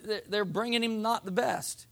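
A man's voice: high voice, normal speed, vocal fry, fairly bright tone. A man preaching a sermon in a folksy, conversational way, reading scripture and acting out what people say. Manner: folksy, uses voiced asides for the people.

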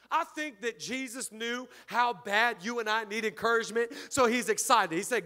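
High bright-voiced preaching man. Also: normal speed, hardly any pauses. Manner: energetic, joking, calls out to the congregation. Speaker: pastor. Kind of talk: sermon.

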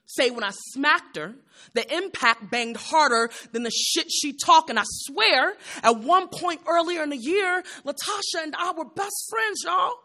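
A woman's voice: high-pitched, expressive, unhurried, pushed and bright. A woman poet performing spoken word, rhythmic and bold, with repeated refrains and a raw, humorous edge.

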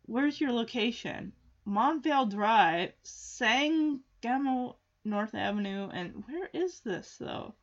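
A woman's voice: a little high, expressive, takes it slowly, dull audio. A woman vlogger chatting casually in an exclamatory way as she reacts and comments. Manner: chatty, exclamatory, lots of ooh.

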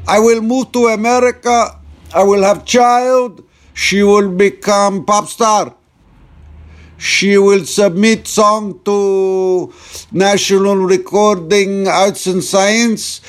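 A man's voice: high voice, steady tone, slow, voice pushed up. A man voicing a proud immigrant father from the Balkans who speaks in grand, broken English.

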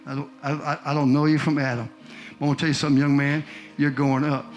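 A male pastor preaching a sermon to a congregation, building from calm talk to loud shouted peaks. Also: on the high side, fast, muffled recording, faint music behind. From Missouri. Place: church in front of a congregation.

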